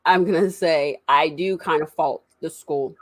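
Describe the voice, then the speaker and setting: A woman with a lowish voice tells stories in a relaxed talk. She acts out quotes with lively energy. The sound is dry and close, with no room echo. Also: slow pace. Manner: animated storyteller, acts out quotes. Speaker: parent. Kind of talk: casual conversation.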